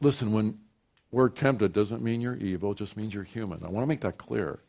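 Preaching at a moderate pace in a gravelly voice, a male pastor alternates between calm reflection and loud, high, animated moments in which he performs imagined prayers.

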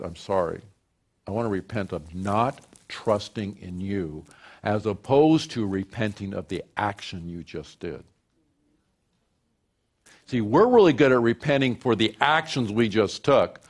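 A male pastor preaching a sermon, swinging from quiet reflective talk to loud, high, animated passages where he acts out imagined prayers. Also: gravelly.

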